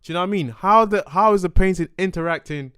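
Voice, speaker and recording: A man's voice: high voice, fast talker, smooth, dry recording, clean studio sound. A young man from Ghana, a guest artist animatedly telling stories in a casual interview. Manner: animated storytelling, acts out quoted exchanges.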